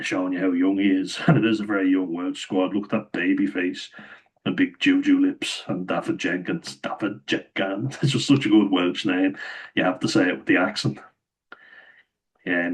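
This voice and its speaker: Deep flat-voiced Irish guy talking rugby. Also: rough recording. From Ireland. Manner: chatty, laughs often, opinionated banter. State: slightly hoarse, losing voice. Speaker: rugby pundit vlogger. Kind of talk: casual rugby commentary.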